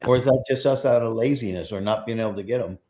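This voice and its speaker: A man's voice: medium pitch, fast talker, warm tone. A middle-aged man, a prop master, rambling through casual stories in an interview and acting out the voices of people he quotes.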